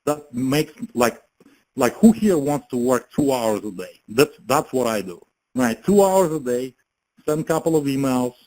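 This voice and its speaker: A man giving a casual motivational pitch as a network marketing promoter, chatty, laughing often and filling his talk with "you know" and "right?". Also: expressive, measured pace, warm tone, low-quality recording. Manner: chatty, laughs often, many fillers and tag questions.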